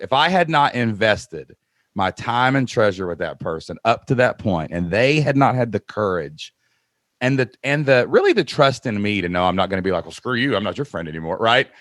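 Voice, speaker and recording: A man's voice: mid-range voice, moderate pace, no room sound, clean studio sound. A man hosting a podcast, telling stories in casual chat and acting out quotes. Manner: animated storyteller, acts out quotes. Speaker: podcast host.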